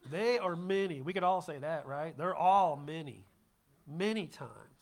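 A man preaching a relaxed, conversational sermon as a pastor, his voice sitting a touch higher than most men's. He is chatty and self-deprecating and keeps checking in with the congregation. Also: measured pace.

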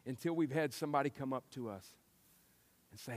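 A man preaching a sermon, telling stories and acting out quotes with lively shifts. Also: medium pitch, very fast. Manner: lively storytelling with acted-out quotes. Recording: long hall reverb.

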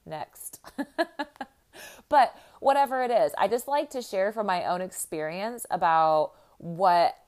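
A woman's voice: mid-range voice, takes it slowly, darkish tone. A middle-aged woman from the American Midwest, hosting and talking casually to her listeners as a life coach, in a chatty, upbeat way full of "like" and "you know.". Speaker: podcast host and life coach.

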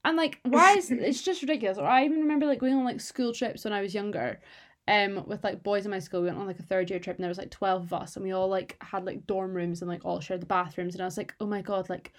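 A young woman from the UK co-hosting a casual chat, talking fast with lots of "like" fillers and the odd swear. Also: mid-range voice, steady tone. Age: young adult. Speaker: podcast co-host.

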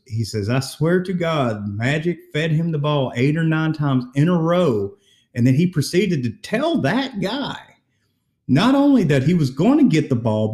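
A man's voice: mid-range voice, echoey room. A man hosting a casual sports podcast, retelling stories and acting out quotes. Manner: animated storyteller, acts out quotes. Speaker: podcast co-host.

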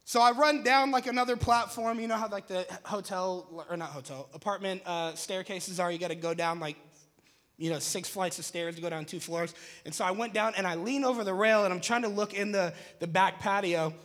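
A young man, a pastor, telling a lively, jokey story to an audience and acting out his own shouts. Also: high voice, brisk.

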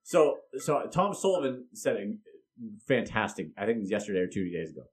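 A man's voice: on the low side, big pitch swings, a little fast, slightly rough. A middle-aged man hosting a casual chat, opinionated and blunt, often restarting his sentences.

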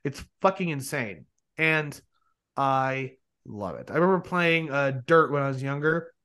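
A young man hosting a podcast, chatting casually in a rambling, excited way with plenty of swearing. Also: mid-range voice, measured pace. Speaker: podcast host. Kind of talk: casual chat.

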